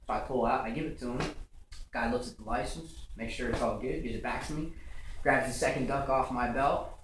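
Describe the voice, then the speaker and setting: A man's voice: mid-range voice, fairly quick, background noise. A young man doing a stand-up routine, telling rambling stories full of fillers and restarts. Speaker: stand-up comedian. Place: comedy stage. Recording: rough, echoey club recording from far off.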